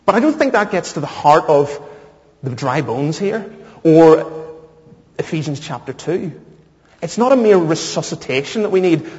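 Man, preacher, sermon, humorous anecdotes, slightly high voice, dull lo-fi sound. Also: very animated, normal speed, a little mellow. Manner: storytelling with self-deprecating humor. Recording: muffled, echoey hall.

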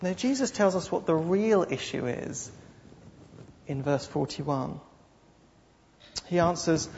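A man's voice: a little high, a little slow, long pauses, slight background noise. A man preaching a sermon with dramatic storytelling and repeated phrases. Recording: dull lo-fi sound with long hall reverb.

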